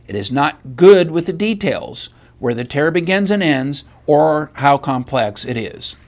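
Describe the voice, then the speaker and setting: High-voiced man reading news. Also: very animated, measured pace, darkish tone. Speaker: news reader.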